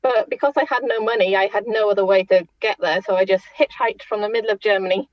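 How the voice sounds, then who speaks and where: A young woman from the UK, a podcast guest telling her travel story in a quiet, understated way. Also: medium pitch, fairly even intonation, quick pace, no echo, dull audio. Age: young adult. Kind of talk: casual chat.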